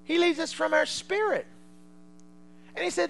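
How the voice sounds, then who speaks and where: A male preacher delivering a fervent sermon to a congregation, swinging from quiet asides to loud shouts. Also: very high voice, normal speed, creaky, soft background music, rough recording.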